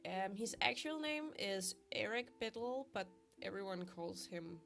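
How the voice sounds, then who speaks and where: This young adult art vlogger has a creaky, medium-pitched voice and a measured pace, and she sounds sick and congested. In a casual voice-over while drawing, she chats away, pokes fun at herself and laughs a lot. Faint, soft guitar music plays underneath.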